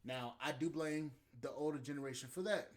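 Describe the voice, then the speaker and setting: A man with a fairly high-pitched voice hosts a podcast and vents in a loose, rambling rant. His delivery is heated and full of swearing. He jumps from point to point as he goes. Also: a little fast. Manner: profane, heated, rambling monologue. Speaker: podcast host.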